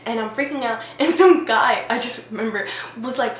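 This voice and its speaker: A woman's voice: fairly high pitch, normal speed. A young adult woman telling a casual storytime as a vlogger. She talks in a chatty way and says "like" a lot. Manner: chatty, heavy use of "like". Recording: echoey room with faint noise.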